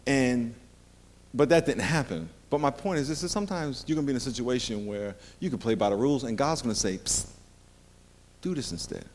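A man's voice: mid-range voice, fast talker, a little mellow. A middle-aged man preaching a sermon as pastor, a playful storyteller who jokes with the congregation.

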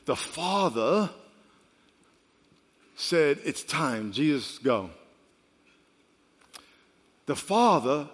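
A man in his fifties, a pastor preaching a sermon with animated storytelling that swings from quiet to loud. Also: on the high side. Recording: long reverb of a large hall.

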